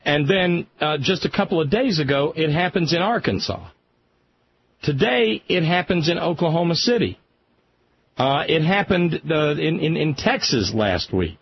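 A man hosting a radio talk show with a lively, rising and falling voice. He speaks with passion and keeps stumbling and restarting his sentences. The sound is muffled and lo-fi, like an old radio broadcast. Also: on the high side, moderate pace, vocal fry, a little hiss or hum. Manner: impassioned, stammering restarts.

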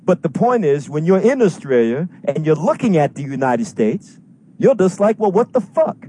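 Man, heated call-in rant, swears constantly, slightly high voice, mellow dark tone, faint background noise. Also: very animated, moderate pace. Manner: profane, fired-up, heavy swearing.

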